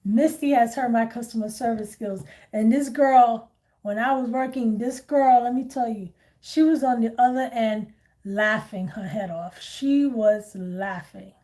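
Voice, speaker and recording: A woman hosts a relaxed live stream as a tarot reader and chats freely with her viewers. She tells stories at length and laughs easily. Her voice sits a little higher than most women's. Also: moderate pace. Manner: chatty storytelling, laughs often. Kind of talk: casual live-stream chat.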